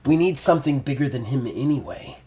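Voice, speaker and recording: A man's voice: medium pitch, a little fast, natural voice. A man voicing a cool, scheming female ocelot mutant who talks down to her partner. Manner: calm, dismissive, scheming.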